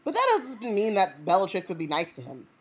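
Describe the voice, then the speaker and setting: A woman co-hosting a casual book chat, thinking out loud with lots of fillers. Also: mid-range voice, huge pitch swings, brisk, breathy edge, low-quality recording. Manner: rambling, filler-heavy, playful. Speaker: podcast co-host.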